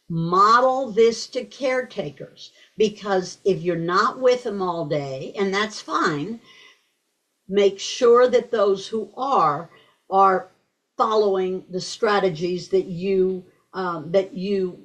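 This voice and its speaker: A woman giving a talk to a group of parents on early reading, deliberate and repeating key words for emphasis. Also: medium pitch, low-quality recording. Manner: acts out simple phrases parents say to babies. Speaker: guest speaker on early reading.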